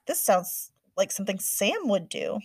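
A woman's voice: mid-range voice, very animated, unhurried, vocal fry, darkish tone, husky, no room sound, clean studio sound, heavily acted. A woman reading the part of a worried, stern mother scolding her daughter, firm and exasperated.

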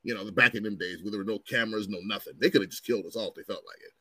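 A man in his forties telling stories in casual chat as host, animated and profane, acting out what others said. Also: on the low side, rapid-fire, breathy edge, dry recording. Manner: animated, profane, acts out quotes in raised voices.

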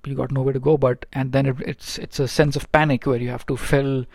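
A man's voice: mid-range voice, flat delivery, fairly quick, darkish tone, dry recording, studio quality. A man who works as a ship's engineer, telling stories from aboard in a rambling, casual way with many fillers and restarts. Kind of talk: casual storytelling vlog. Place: aboard a ship.

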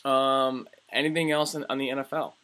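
A man's voice: mid-range voice, level tone, fairly quick, sharp tone. A young man in his early twenties co-hosting a podcast, talking sports casually, swearing freely and filling gaps with "like". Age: early 20s. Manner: loose, swearing, hesitant fillers. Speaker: podcast co-host.

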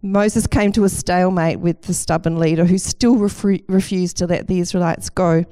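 A woman's voice: fairly low pitch, steady tone, normal speed, warm tone. A woman preaching a sermon with enthusiasm and a light self-deprecating humour.

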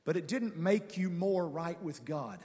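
A man preaching a guest sermon, calling on the congregation to respond, moving between quiet conversational asides and shouted, drawn-out declarations. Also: on the high side, expressive. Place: large church sanctuary with reverb. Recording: long church hall reverb.

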